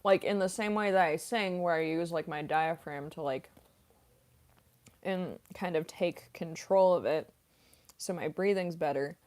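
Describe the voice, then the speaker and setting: A woman's voice: on the low side, measured pace, a little mellow. A young woman voice actress chatting casually on a livestream, reading chat aloud with lots of ums and likes while snacking on chips. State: eating chips while talking.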